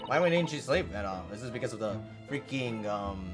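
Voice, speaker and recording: A let's play host giving casual gameplay commentary, excitable and swearing often. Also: medium pitch, normal speed, soft background music.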